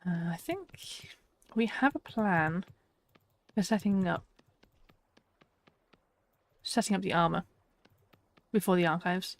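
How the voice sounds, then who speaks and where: A woman's voice: lowish voice, slow pace, pauses often. A woman streaming a survival game, chatting to viewers and talking herself through tasks, laughing often. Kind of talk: casual live-stream chat.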